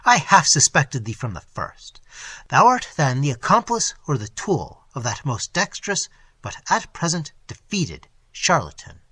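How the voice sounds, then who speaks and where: Man voicing an imperious storybook prince, scornful, husky edge, dry close reading. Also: on the high side, huge pitch swings, a little slow, pushed and bright, dry recording, exaggerated voice. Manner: imperious, scornful, archaic speech. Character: haughty scornful Italian prince, proud and imperious.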